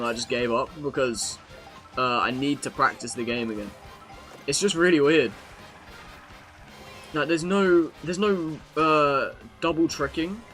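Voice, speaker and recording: A man's voice: on the high side, a bit bright. A young British man live-streaming a racing game, chatting casually to his viewers and swearing freely as he plays. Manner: chatty, swears freely, talks to chat while playing.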